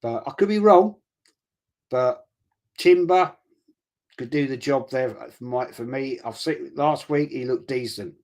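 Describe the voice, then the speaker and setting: A man's voice: medium pitch, a little slow, long pauses, a little mellow. A man chatting casually on a fan live stream, rambling with restarts and friendly asides as he reads out viewer comments. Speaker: fan channel host.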